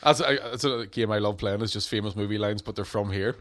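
A man's voice: on the low side, little pitch movement, fairly quick, a little hiss or hum. A man with a Northern Irish accent, co-hosting a casual podcast as a comedian, swearing freely and laughing often. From Northern Ireland. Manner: swears freely, laughs, slips into movie-line impressions.

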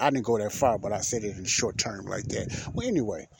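A low-voiced, middle-aged podcast host, spinning a long, looping anecdote. He circles back over his points and slips into the voices of the people he quotes. The home recording carries a clear layer of background noise. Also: lively intonation, fast, hardly any pauses. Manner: rambling, repeats himself, acts out quoted dialogue. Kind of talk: casual storytelling monologue.

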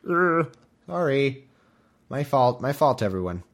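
A man hosting a podcast who reads scripture aloud and keeps breaking off for jokey, rambling asides. He is wired on caffeine, interrupts himself often, and his lively pitch swings widely. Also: a little slow. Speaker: podcast host. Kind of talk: comedic scripture reading with asides.

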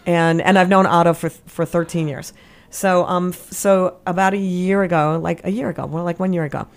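Woman telling stories on a chat show, lowish voice, acts out the quotes, gasps and laughs a lot. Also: fairly even intonation, moderate pace. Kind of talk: casual conversation.

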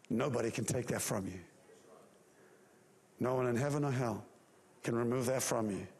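A man pastor delivering a sermon as animated storytelling, driving home his points with emphatic rhetorical questions. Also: mid-range voice, vocal fry.

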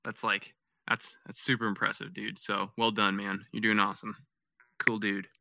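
Gravelly bright-voiced laid-back male host. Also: lowish voice, flat delivery, normal speed, no echo. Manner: laid-back, lots of fillers and slang. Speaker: podcast host. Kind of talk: casual chat.

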